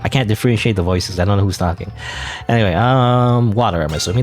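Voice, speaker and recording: A man's voice: fairly low pitch, quick pace, soft background music. A man giving casual, rambling, self-deprecating commentary while playing a video game. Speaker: let's play gamer.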